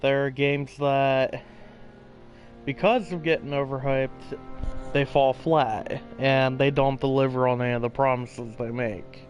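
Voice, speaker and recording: A man's voice: mid-range voice, level tone, a little slow, lo-fi sound, soft background music. A man casually narrating over his gameplay, rambling and a little tired, swearing now and then. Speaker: gaming channel host. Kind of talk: casual gameplay voiceover commentary.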